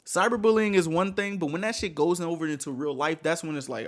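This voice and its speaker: A man's voice: fairly high pitch, a little fast, hardly any pauses. A man hosting a reaction video, ranting in heated, incredulous, profane commentary full of rhetorical questions.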